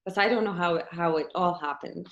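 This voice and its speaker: A woman guest on a podcast telling a personal story in lively conversation and acting out the dialogue as she goes. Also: on the low side, brisk, lo-fi sound, crowd noise. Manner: animated, acts out quoted dialogue.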